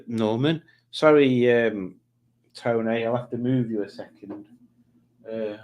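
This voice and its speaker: This is a man at a middle pitch, hosting a relaxed stream from home. He reads viewer comments aloud, jokes about them and rambles between answers in a casual, chatty way. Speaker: livestream host.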